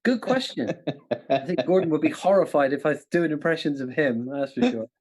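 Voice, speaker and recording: A man's voice: on the high side, expressive, a little fast, a little mellow. A man hosting a live quiz, playful and self-mocking, often laughing at his own jokes. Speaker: quiz host. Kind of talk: live-streamed quiz hosting with jokey impressions. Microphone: studio mic with monitors.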